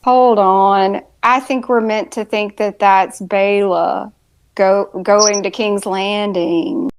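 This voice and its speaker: Female podcast co-host, mid-pitched, casual and sarcastic in an easygoing review chat. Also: steady tone, slow pace, clear, resonant tone, rough recording. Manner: dry, sarcastic asides.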